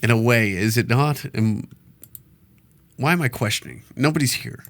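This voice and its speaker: Blunt, profane guy with a bright edge. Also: mid-range voice, moderate pace, a little hiss or hum. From Canada. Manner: profane, rambling, jokey and blunt. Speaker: podcast host. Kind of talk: solo podcast rant. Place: alone in a small recording room.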